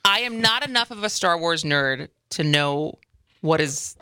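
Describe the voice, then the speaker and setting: A curious, teasing radio co-host whose bright voice swings widely in pitch. The sound is close and dry, straight into a studio microphone. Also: animated, unhurried, smooth, dry recording. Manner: curious, teasing, asks lots of questions. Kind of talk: casual radio chat.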